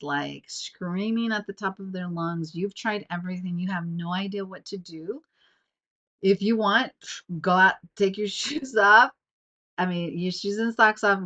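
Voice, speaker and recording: A woman's voice: on the low side, pushed and bright. A young woman with a stuffy nose hosting a casual solo podcast at home, rambling and chatty with many fillers. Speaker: podcast host. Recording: dull lo-fi sound.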